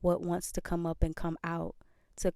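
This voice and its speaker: A woman's voice: lowish voice, monotone, normal speed, mellow, clean tone, no echo, clean studio sound. A woman hosting a podcast, talking earnestly in a casual motivational monologue and repeating phrases for emphasis. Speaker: podcast host.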